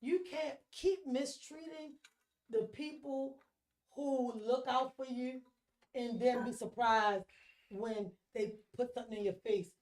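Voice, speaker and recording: A woman host speaks frankly in a relaxed, casual chat. Her voice sits a little high for a woman. She talks in a plain, conversational way. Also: slow.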